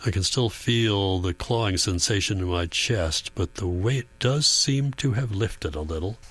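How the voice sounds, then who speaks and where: Man reading an audiobook, lowish voice, calm and thoughtful, dry sound, little mains hum. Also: measured pace, no echo. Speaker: audiobook narrator. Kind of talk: first-person audiobook narration.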